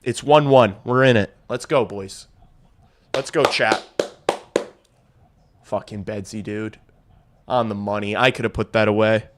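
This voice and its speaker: A man's voice: lowish voice, steady tone, a little slow, long pauses, a little hiss or hum. A young man hosting a hockey watch-along stream, calling the play casually, swearing freely and talking to his chat. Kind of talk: casual live play-by-play reaction.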